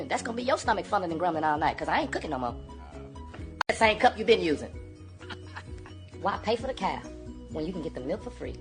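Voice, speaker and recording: A woman playing a strict, bossy mother firing off scolding one-liners at her kids, over background music. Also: sits low.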